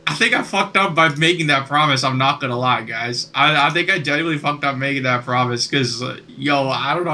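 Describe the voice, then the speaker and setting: Young guy doing chatty gameplay commentary, bright punchy voice, keeps saying bro, swears a lot. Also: mid-range voice. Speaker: gaming video creator.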